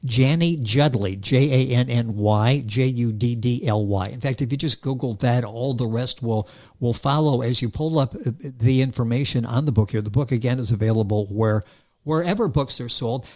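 A man's voice: medium pitch, moderate pace, darkish tone. Enthusiastic male interview host. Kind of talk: interview hosting.

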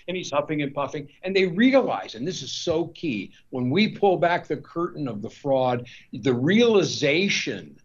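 A man's voice: fairly high pitch, big pitch swings, moderate pace. Rambling man on a dull lo-fi line. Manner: rambling, with frequent restarts and repeated words. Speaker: guest author. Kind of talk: discursive interview talk.

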